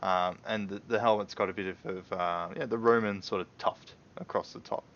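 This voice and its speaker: A man's voice: lowish voice, steady tone, a little fast, fairly bright tone, dull audio. A man, running a tabletop game as game master in a loose, rambling way. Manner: loose, rambling, many fillers and restarts. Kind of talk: narrating a tabletop game on a livestream.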